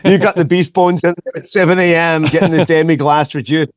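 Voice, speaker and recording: A middle-aged man from Scotland with a Scottish accent softened toward transatlantic, swearing freely as he chats and tells stories as a podcast guest. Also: fairly high pitch, a little fast, no room sound. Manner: profane, animated storyteller who repeats words. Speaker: guest author. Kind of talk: casual podcast chat.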